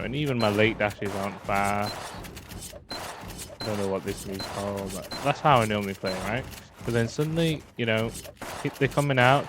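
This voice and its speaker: A man's voice: on the low side, background noise. A man giving casual, chatty tips while talking over his own gameplay footage, full of fillers.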